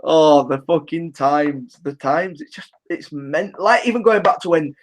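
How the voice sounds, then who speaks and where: A man's voice: a little high, unhurried. A man co-hosting a casual podcast chat, rambling and swearing heavily. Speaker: podcast co-host.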